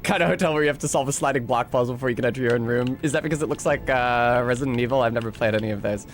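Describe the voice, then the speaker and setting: A man's voice: medium pitch, racing. A young man streaming a video game, commenting in a sarcastic, rambling way. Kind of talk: let's-play commentary.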